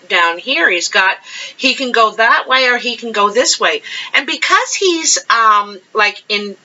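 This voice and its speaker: A woman's voice: medium pitch, bright, forceful tone. A woman giving a casual monthly tarot reading, chatty and rambling as she thinks aloud over the cards. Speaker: tarot card reader. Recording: dull lo-fi sound.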